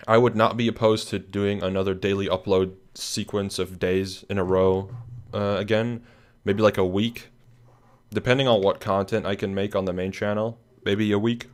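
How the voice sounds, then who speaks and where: Tired, rambling young man. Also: deep voice. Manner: relaxed, rambling, many fillers and restarts. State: yawning, tired. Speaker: channel host. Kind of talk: casual screen-share recap.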